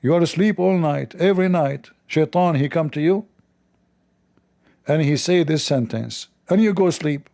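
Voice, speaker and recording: Male livestream host, gravelly and dark, sarcastic and mocking, non-native English delivery. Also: fairly high pitch, moderate pace. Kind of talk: livestreamed commentary.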